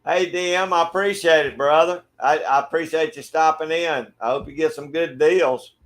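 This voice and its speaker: A middle-aged man from Georgia with a Southern accent, hosting a relaxed livestream and greeting viewers by name. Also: on the high side, moderate pace. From Georgia, USA. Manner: friendly, laid-back, greets viewers by name. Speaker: livestream host. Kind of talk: casual chat reading viewer comments. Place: backyard shed.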